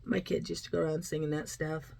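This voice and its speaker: A woman's voice: low voice, level tone, brisk, creaky, noisy background. A middle-aged woman vlogging in casual, rambling chat, now and then cooing at her dog in baby talk.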